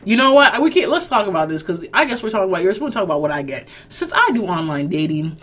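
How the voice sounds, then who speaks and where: A woman from the New York suburbs co-hosts a laid-back conversation. She jokes and teases her friend, talking in loose, slang-heavy speech at an ordinary middle pitch. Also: sing-song, quick pace, a bit bright. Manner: playful, teasing, heavy slang. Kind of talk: casual chat.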